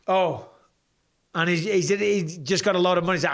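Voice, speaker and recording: A man's voice: sits high, fairly quick, fairly bright tone. A man hosting a live fight reaction stream in a casual way. He is tired after hours of talking, swears freely and reads viewer comments aloud. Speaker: host of a live fight watch-along stream.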